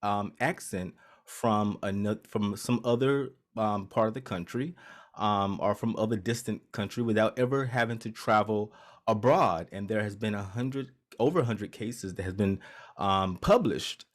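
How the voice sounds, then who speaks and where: A podcast co-host chats casually in a lowish, slightly slow male voice. He hesitates a lot, filling gaps with fillers and restarting sentences, and laughs often.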